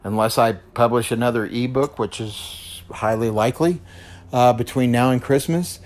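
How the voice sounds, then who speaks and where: A man's voice: mid-range voice, normal speed, a little mellow. A man hosting his own podcast, telling a personal story in an earnest, repetitive way and often checking in with the listener. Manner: earnest, repeats himself, checks in with "okay?". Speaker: podcast host. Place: lives in West Texas.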